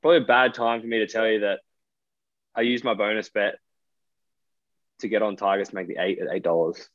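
A man's voice: on the low side, steady tone, fairly quick, a bit bright, dry recording. A young man with an Australian accent co-hosting a casual podcast, rambling with lots of fillers and restarts. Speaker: podcast co-host. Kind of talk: casual chat. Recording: dry, dull lo-fi sound.

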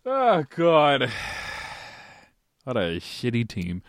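A man's voice: mid-range voice, wildly swooping pitch, very slow, no room sound, studio quality. A man co-hosting a podcast, griping about sports with profane, sardonic humor. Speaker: podcast co-host. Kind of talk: casual sports chat.

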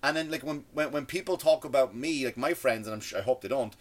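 A man's voice: mid-range voice, quick pace. A man with a non-American accent, seated indoors, rambling through a comedic rant, stammering and restarting often, with a sarcastic, mocking tone. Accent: non-American English.

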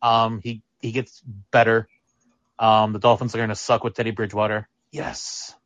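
A man's voice: fairly low pitch, little pitch movement, moderate pace, a bit bright, no room sound. A man joking and teasing during a casual sports podcast chat. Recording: dull lo-fi sound.

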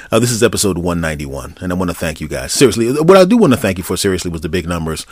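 Low-voiced joking podcast host. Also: male voice, sing-song, quick pace, darkish tone, husky, no room sound, studio quality. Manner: joking, mock-threatening, rambling. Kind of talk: comedic solo podcast monologue.

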